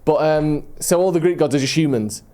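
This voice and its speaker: A man's voice: a little high, a little fast, dark tone. A man co-hosting a comedy podcast, telling rambling, enthusiastic travel stories in casual chat. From England. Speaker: podcast co-host.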